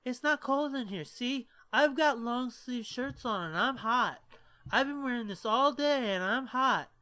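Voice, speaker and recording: Man doing a drunk, exasperated boyfriend; bright, pushy delivery. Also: very high-pitched, a little slow, clear, resonant tone, no room sound, pitched above the performer's own voice, exaggerated voice. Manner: insistent, exasperated drunk explaining.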